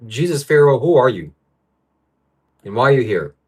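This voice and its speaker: A man's voice: medium pitch, big pitch swings, normal speed, a little mellow, husky. Man, livestream host, frustrated rant, reads viewer comments aloud, home setup. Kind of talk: livestream talk.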